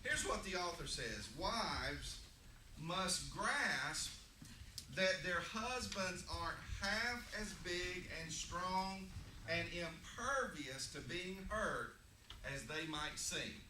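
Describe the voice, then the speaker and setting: A man's voice: high voice, lively intonation, slow pace, pushed and bright. Folksy man teaching a church class. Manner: folksy, joking, drawling asides. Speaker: Sunday school teacher. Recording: echoey room, distant mic, noisy.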